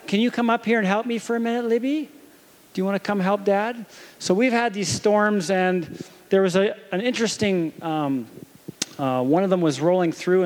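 A man in his thirties preaching a sermon, telling a gentle story about comforting his little daughter and asking her questions along the way. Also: sits high. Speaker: pastor.

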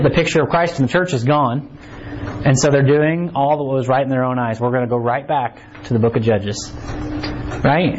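A man's voice: a little high, a little mellow, slight background noise. A man preaching a conversational sermon to a small congregation in a church, often asking "right?". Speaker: pastor. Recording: slightly dull recording with faint ambience.

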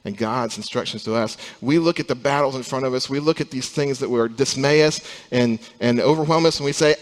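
A young adult man preaches a sermon in a hall with a long, lingering reverb. His voice sits at an everyday middle pitch, dropping soft and slow, then swelling loud to drive a point home. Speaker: pastor.

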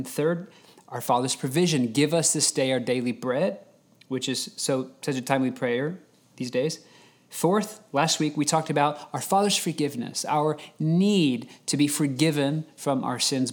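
Man, pastor, sermon, slow deliberate scripture reading, mid-pitched voice. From United States. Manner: unhurried, reads scripture slowly with pauses.

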